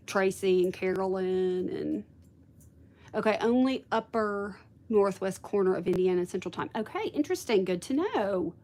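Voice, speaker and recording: A woman's voice: medium pitch, darkish tone. Chatty woman hosting a craft stream. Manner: chatty, thanks viewers, thinks aloud. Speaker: craft video host. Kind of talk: casual livestream chat with viewers.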